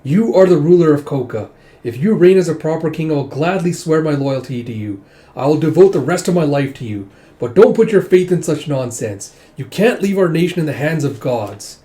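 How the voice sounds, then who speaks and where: A man's voice: fairly high pitch, expressive, a little fast, mellow, voice pushed up, close to an everyday voice. A man voicing a stern, lecturing prince. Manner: blunt, lecturing. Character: stern grown prince, older brother.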